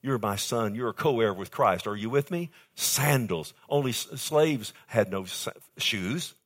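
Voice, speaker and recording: Emphatic male preacher, loud and soft swings. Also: mid-range voice, expressive, measured pace. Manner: emphatic, swings between soft and loud, asks the congregation for response. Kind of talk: sermon.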